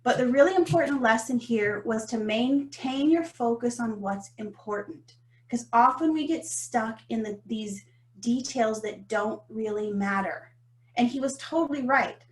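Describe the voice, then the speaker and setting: A woman, co-hosting a podcast and telling a story about business in an animated, emphatic way. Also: a little high, measured pace. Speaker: podcast co-host. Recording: roomy echo.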